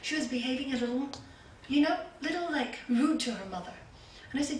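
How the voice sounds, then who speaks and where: A woman's voice: high voice, animated, fast talker, a little hiss or hum. An older woman giving a spiritual talk as a yoga teacher to a group, telling stories, asking rhetorical questions and repeating words for emphasis. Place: hall with a group. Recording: roomy echo, from a distance, faint ambience.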